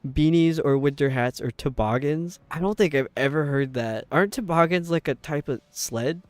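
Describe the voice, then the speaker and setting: A man's voice: a little high, moderate pace, dry recording. Chatty New York streamer guy. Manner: rambling and chatty, with frequent fillers. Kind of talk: casual chat while gaming.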